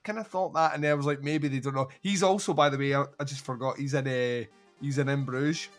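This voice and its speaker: A man's voice: mid-range voice, quick pace, faint music behind. A man hosting a film podcast, chatting casually, swearing and acting out film scenes. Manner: swearing, animated, acts out scenes. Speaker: podcast host.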